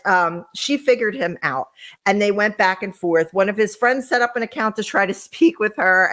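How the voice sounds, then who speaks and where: Gossipy woman podcast host. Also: mid-range voice. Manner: chatty, gossipy, sarcastic, talks to the chat. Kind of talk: casual reality-TV recap chat.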